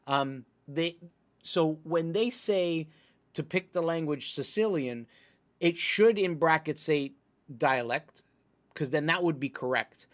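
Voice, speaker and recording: A man's voice: a little high, takes it slowly. A man from Italy, streaming a game and chatting casually about his play and the menus. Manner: chatty, explains things at length while navigating menus. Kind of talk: gameplay commentary.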